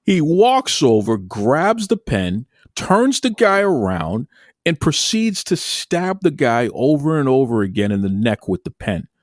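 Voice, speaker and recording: A man's voice: medium pitch, measured pace, no echo. Podcast guy telling a story, voice all over the place, dry close mic. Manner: animated storytelling with lots of restarts. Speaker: podcast co-host. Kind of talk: casual podcast chat.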